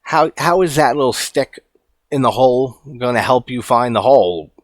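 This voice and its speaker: A man giving a casual, animated movie commentary, incredulous and quick to swear and laugh. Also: medium pitch, no echo. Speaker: horror movie reviewer.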